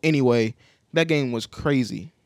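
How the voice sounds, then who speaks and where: A man's voice: mid-range voice, moderate pace, smooth, no room sound, clean studio sound. A young man co-hosting a casual chat show, laid-back and slangy, trailing off into fillers. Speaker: podcast co-host.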